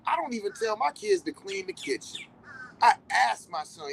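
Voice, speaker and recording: With an extremely high, creaky voice at a moderate pace, a middle-aged podcast host talks over slight background noise in a rough recording. His casual monologue is profane and blunt, with points hammered by repetition. He narrates animatedly, slipping into quoted dialogue.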